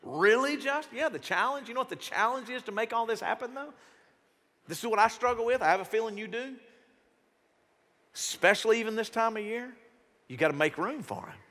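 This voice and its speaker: A man preaches from a stage mic in a church auditorium, his voice high and bright. He talks casually and with lots of life, often putting on other people's voices. Long reverb trails off each phrase. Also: expressive, brisk, long pauses. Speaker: pastor. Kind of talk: sermon.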